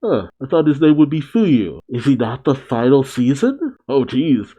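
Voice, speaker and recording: A man's voice: mid-range voice, big pitch swings, normal speed, slightly rough, dull audio. A man hosting a reaction video, reading a manga aloud with casual asides and frequent laughs. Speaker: reaction channel host.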